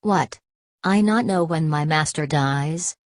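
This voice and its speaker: A woman's voice: deep voice, slow, dry recording, studio quality. A woman reading as an ancient weary ghost hunter. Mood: solemn.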